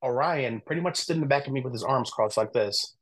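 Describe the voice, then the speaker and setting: A man speaks as a podcast guest in a mid-range voice and tells a personal story in a relaxed, informal way. He talks candidly and animatedly, uses plenty of "I'm like" asides, and acts out bits of remembered conversation as he goes. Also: medium pitch, quick pace. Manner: animated, acts out quoted dialogue.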